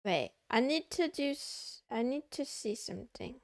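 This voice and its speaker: A woman's voice: a little high, very animated, measured pace, darkish tone, dry recording, studio quality. A young woman streamer chatting casually to her chat, playful and a bit whiny, meowing and muttering to herself. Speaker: VTuber livestreamer.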